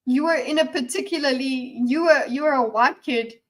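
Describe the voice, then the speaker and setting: A woman giving casual reaction commentary on a discussion video, chatty and animated, often stammering and restarting, sometimes dropping to a near-whisper. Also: high voice, normal speed.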